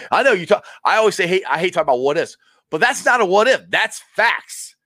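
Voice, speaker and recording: A man hosting a casual live-stream sports show, excitable and rambling, with frequent laughs. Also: high-pitched, moderate pace, no room sound.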